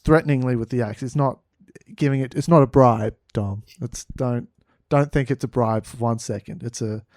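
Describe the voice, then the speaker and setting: Man, podcast co-host, playful, halting, mid pitch, dry sound. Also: a little mellow, no echo. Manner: halting, repeating words, playful. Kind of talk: improvised comedic storytelling.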